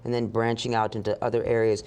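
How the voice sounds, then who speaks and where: A woman telling a story as an interview guest, animated and acting out the voices of the people in it. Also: a bass voice, fast talker, clean tone. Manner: animated, acts out dialogue with laughs.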